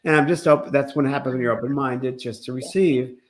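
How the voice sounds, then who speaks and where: Male co-host, medium pitch, earnest and rambling, under the weather. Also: fairly even intonation, quick pace. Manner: earnest, rambling with many restarts. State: sick. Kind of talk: casual spiritual talk show chat.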